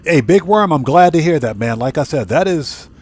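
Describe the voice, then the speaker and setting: A man's voice: a little high, animated, moderate pace, a little mellow, a little hiss or hum. A man live-streaming a video game, chatting casually with viewers, often repeating his phrases and greeting them by name. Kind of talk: casual gameplay commentary.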